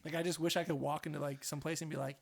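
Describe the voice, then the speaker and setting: A man's voice: fairly high pitch, level tone, racing, creaky. A young man co-hosting a podcast, joking around in a self-deprecating way. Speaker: podcast co-host. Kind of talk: casual banter.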